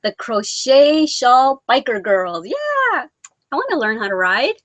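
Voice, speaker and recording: A woman with a slightly high voice and lively intonation hosts a casual live-stream chat, reading viewer comments aloud at a measured pace. She's chatty and laughs often, rambling with lots of restarts and fillers. The sound is dry, with no echo.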